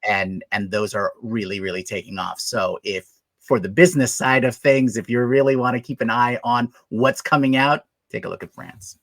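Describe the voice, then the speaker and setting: A man on a chat panel, explaining in a measured way and pausing on fillers. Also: mid-range voice, fairly even intonation, a bit bright, no echo.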